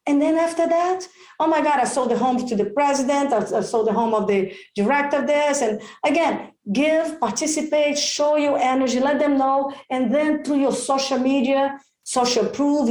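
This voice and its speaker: Excitable high-voiced woman, roomy echo. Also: moderate pace. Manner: expressive, excitable, many exclamations. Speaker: real estate agent. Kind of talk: enthusiastic interview advice.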